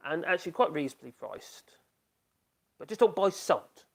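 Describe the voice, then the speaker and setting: A man's voice: a little high, expressive, moderate pace, creaky. A middle-aged man, chatting casually on a live stream in a rambling way, trailing off and restarting his sentences.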